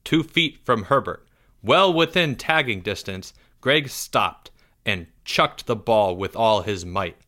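A man narrates a children's story aloud with expressive delivery. He lowers his voice for suspense. His tone is bright and forward. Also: takes it slowly. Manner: expressive, drops softer for suspense.

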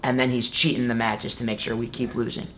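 A man's voice: medium pitch, flat delivery, brisk, a bit bright, slight background noise. A young man talking casually as an interview guest, rambling with lots of fillers. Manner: rambling, many fillers like "like" and "you know". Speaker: guest, college wrestler.

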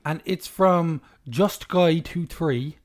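A man's voice: fairly high pitch, slow. A young man, co-hosting a podcast in casual chat, ranting playfully with lots of swearing, a little tipsy. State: slightly tipsy. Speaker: podcast co-host.

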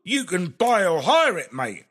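An actor playing a sly, teasing schemer with in a comedy audio play. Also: male voice, high-pitched, very animated, measured pace, full character voice. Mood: mocking. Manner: teasing, mocking, bright and sharp. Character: sly, mocking British wide-boy schemer.

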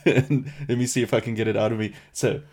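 A man hosting a casual question-and-answer podcast, chatty and animated, laughing often. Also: lowish voice, moderate pace. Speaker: podcast host.

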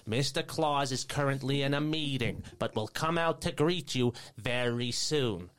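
A man voicing a prim old female elf receptionist, polite and fussy, speaking high and slow. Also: a bit bright, smooth, lightly acted.

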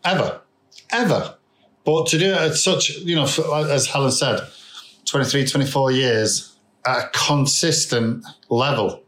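A man's voice: medium pitch, normal speed, fairly bright tone. A man chatting enthusiastically about football on a podcast, often restarting and repeating his words. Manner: enthusiastic, repetitive, trailing restarts. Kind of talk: casual football chat. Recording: roomy echo.

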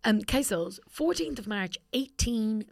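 A young Irish woman co-hosting a podcast, chatty and blunt with the odd swear word. Her voice sits a little high, and the sound is dry and close to the mic. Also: expressive, measured pace, vocal fry, no echo. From Ireland. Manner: chatty, swears, laughs often. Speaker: podcast co-host. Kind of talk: casual chat.

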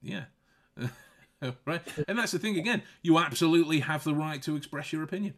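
A man's voice: on the high side, fairly quick, a bit bright. A man hosting a casual podcast chat, often restarting and repeating words and breaking into laughs. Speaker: podcast host.

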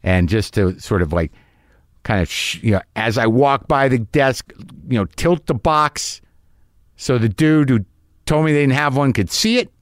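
A man's voice: mid-range voice, lively intonation, measured pace, no room sound, clean studio sound. A middle-aged man hosting a podcast, telling a comic story in a rambling, self-mocking way with sudden exasperated, profane outbursts. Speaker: podcast host.

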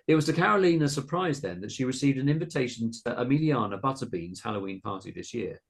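A man reading a comic spooky short story aloud in a hushed, suspenseful narrating tone. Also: mid-range voice, fast talker, creaky. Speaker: podcast host reading his story.

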